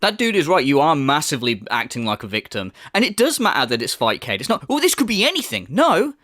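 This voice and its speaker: A man delivering sarcastic, profane reaction commentary in a higher-than-usual male voice. His pitch swings widely as he mocks and scoffs. The recording is dry and close. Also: huge pitch swings, fast talker, fairly bright tone, no room sound. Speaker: commentary channel host.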